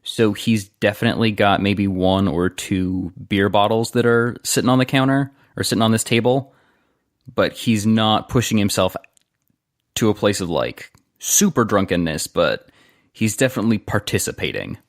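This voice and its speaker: A man playing a tabletop game, describing his character's actions in a relaxed, thinking-aloud way. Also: fairly low pitch, normal speed, no room sound, studio quality. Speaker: player.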